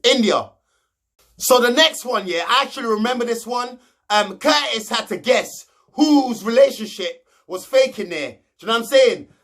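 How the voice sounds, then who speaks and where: A man's voice: very high-pitched, animated, moderate pace, fairly bright tone. A young man, recapping reality TV gossip in a slangy, mocking, rambling way. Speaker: reality show recap host.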